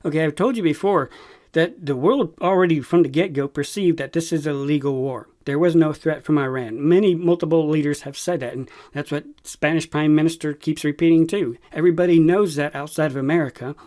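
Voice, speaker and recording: A man's voice: a little high, brisk, a little mellow. A man hosting a Christian news briefing, reading headlines aloud and commenting on them with emphasis. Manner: reads news quotes then comments emphatically. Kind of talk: news commentary read-through.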